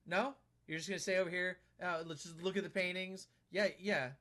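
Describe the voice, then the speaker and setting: A man live-streaming a game in relaxed, chatty banter. His voice sits slightly high and climbs sharply when he pesters a character on screen, then settles back down into a laid-back, teasing tone. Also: fairly quick. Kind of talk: casual live-stream chat.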